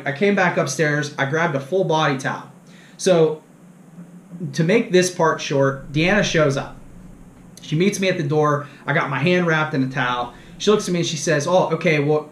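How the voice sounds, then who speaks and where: A man's voice: a little high, roomy sound. A man hosting a fishing show, telling a story casually and animatedly, mocking himself and acting out the dialogue. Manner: animated, self-mocking anecdote with quoted dialogue.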